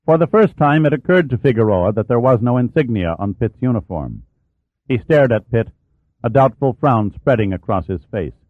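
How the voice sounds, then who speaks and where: A man narrates an audiobook at a steady, measured pace in a medium-pitched voice. The scripted reading sounds dry and narrow, almost like a phone line.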